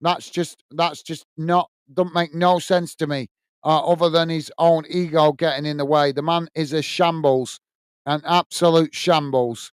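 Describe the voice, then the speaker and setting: A man's voice: a little high, fairly even intonation, unhurried, clear, resonant tone, dry recording. A man hosting a live football watch-along, chatting bluntly and answering viewer comments. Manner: blunt and opinionated. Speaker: host.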